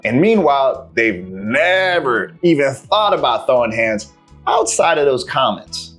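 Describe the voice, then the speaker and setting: Slangy, profane martial arts coach. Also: male voice, mid-range voice, measured pace, faint music behind. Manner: slangy, profane, animated storytelling. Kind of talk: casual talking-head coaching vlog.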